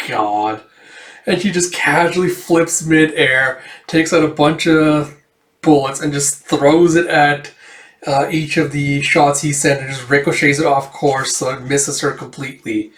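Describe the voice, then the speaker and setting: A comic reviewer with a mid-range, somewhat bright male voice does a casual, rambling read-through of a comic, retelling the panels with plenty of fillers. The recording has a roomy echo and sounds like it was captured from a distant mic.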